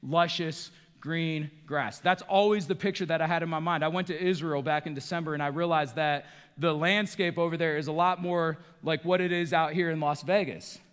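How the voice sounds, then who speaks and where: A male pastor from the northeastern United States preaching a sermon, swinging between hushed lines and rising emphasis. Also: a little high, steady tone, moderate pace, few pauses, smooth, in a large hall. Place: church sanctuary.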